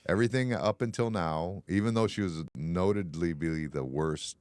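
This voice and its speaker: Deep-voiced man in blunt bar-talk. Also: normal speed, clear, resonant tone, dry recording, clean studio sound. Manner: animated, blunt and sarcastic, swears freely. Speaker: podcast host. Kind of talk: casual bar-talk chat on a live stream.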